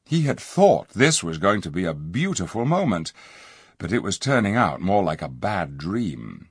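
Husky-voiced man reading a story. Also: deep voice, a little slow, no echo, clean studio sound. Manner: expressive, lively storytelling. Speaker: audiobook narrator.

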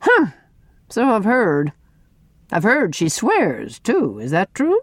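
A woman reading an audiobook and voicing a brisk, kindly middle-aged farm wife who talks bluntly and calls people "dearie". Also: medium pitch, wildly swooping pitch, no echo, clean studio sound, pitched above the performer's own voice, full character voice. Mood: skeptical. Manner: blunt, homespun, fond "dearie".

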